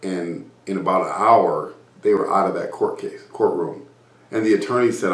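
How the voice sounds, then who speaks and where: A man's voice: low-pitched, normal speed, fairly bright tone. A man telling a story from across a roomy space. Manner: acts out remembered conversations, with restarts. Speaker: motivational business speaker. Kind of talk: personal storytelling. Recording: roomy, distant mic.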